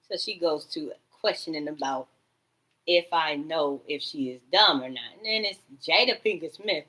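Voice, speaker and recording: A woman vlogging in a rambling monologue, swinging between loud outbursts and low mutters, and swearing freely. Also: moderate pace, poor audio.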